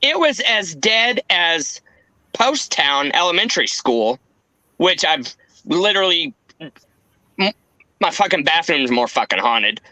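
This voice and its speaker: A man's voice: on the high side, big pitch swings, slow, long pauses, bright, forceful tone, no echo, poor audio. A man in a casual podcast chat, ranting with constant swearing and mocking impressions.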